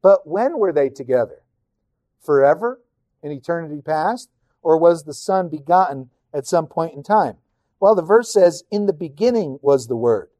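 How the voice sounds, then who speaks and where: A man teaching on a Bible passage in a measured, emphatic way, often repeating phrases for stress. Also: on the high side, expressive, warm tone, no room sound.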